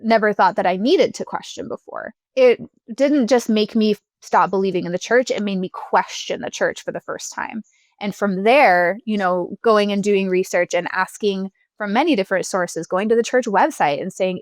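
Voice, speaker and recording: A woman's voice: medium pitch, moderate pace, dry recording. Chatty young woman with a dry, close sound. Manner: chatty, laughs often, says "like" and "you know" a lot. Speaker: podcast guest. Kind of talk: casual interview chat.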